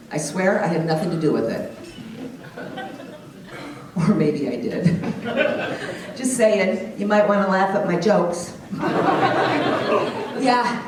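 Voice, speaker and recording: A middle-aged woman works a comedy club crowd with brash, teasing stand-up and a lively, swinging pitch. Her voice sounds distant and echoes heavily around the room, with a loud audience laughing behind her.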